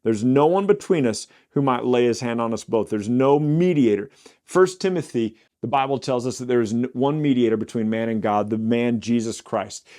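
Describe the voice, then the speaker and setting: A man teaching a casual Bible study, explaining scripture in plain everyday words, sometimes pausing with fillers or correcting himself. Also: mid-range voice, dark tone. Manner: occasional fillers and self-corrections.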